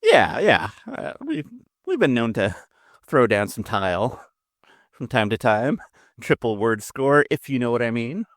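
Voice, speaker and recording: A man's voice: mid-range voice, sing-song, unhurried, no echo, clean studio sound. Playful man co-hosting a chat podcast. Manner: jokey, laughs often, playful. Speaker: podcast co-host. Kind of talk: casual chat.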